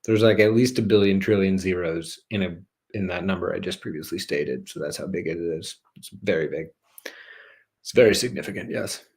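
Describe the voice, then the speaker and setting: A man's voice: deep voice, fairly quick, a little mellow. A man hosting a spiritual talk show, rambling playfully in a casual monologue, joking and swearing now and then. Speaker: host of a spiritual channel show.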